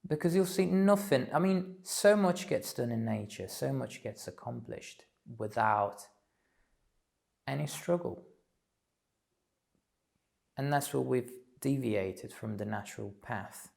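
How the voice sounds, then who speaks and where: A man giving a slow, thoughtful spiritual talk, pausing often with fillers. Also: mid-range voice, lively intonation, vocal fry, darkish tone. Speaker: spiritual teacher. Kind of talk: reflective solo talk.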